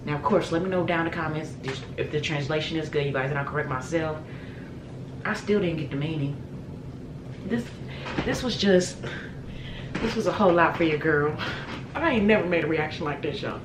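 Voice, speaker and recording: A woman vlogger giving excited casual reaction commentary on a music video and exclaiming to her viewers. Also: low-pitched, a little fast, pauses often, noisy background. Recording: echoey room with music playing.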